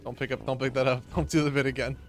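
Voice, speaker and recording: A man's voice: mid-range voice, flat delivery, very fast, faint music behind. A young man streaming a video game, joking, laughing and swearing in casual chat with a friend.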